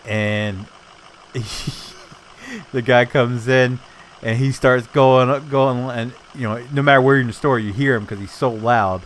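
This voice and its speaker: A man's voice: mid-range voice, fairly even intonation, unhurried, a little hiss or hum. A man casually chatting while he streams a game, telling rambling anecdotes and laughing often. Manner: swears casually. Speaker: gaming streamer.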